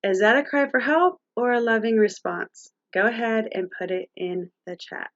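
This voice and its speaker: A woman's voice: a little high, moderate pace, dull audio. A woman presenting a live-streamed teaching talk on parenting, speaking directly to viewers and their chat.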